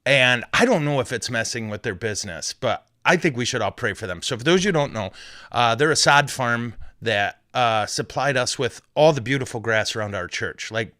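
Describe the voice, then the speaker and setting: A man's voice: medium pitch, lively intonation, normal speed, pushed and bright, no room sound, studio quality. A man, a Catholic priest, hosting a podcast in a casual, joking, rambling way with self-deprecating asides.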